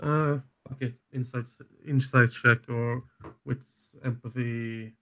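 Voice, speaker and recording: A man speaking quietly and laid-back as a player in a tabletop game. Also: medium pitch, steady tone, slow. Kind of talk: casual tabletop game play.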